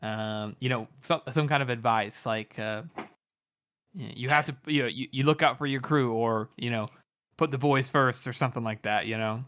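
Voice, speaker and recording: A man's voice: medium pitch, normal speed, a bit bright, no room sound. A man co-hosting a book podcast, thinking aloud in a rambling way with many fillers. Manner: rambling, lots of fillers and you-knows. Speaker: podcast co-host. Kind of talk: casual book discussion.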